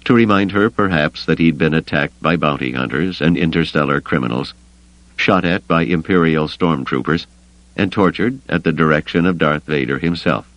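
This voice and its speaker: A man narrating a novel as an audiobook, with expressive storytelling. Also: very deep voice, normal speed, no echo, highs cut off. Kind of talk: scripted narration.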